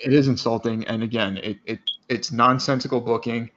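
A man's voice: medium pitch, fairly even intonation, fairly quick, a bit bright, highs cut off, a little hiss or hum. A man co-hosting a casual podcast, agreeing with his partner and adding his own blunt opinions. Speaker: podcast co-host.

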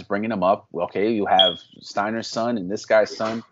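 A man's voice: on the low side, moderate pace, hardly any pauses, dull audio, a little hiss or hum. Profane ranting man on a podcast. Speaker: podcast co-host. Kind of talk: casual wrestling podcast chat.

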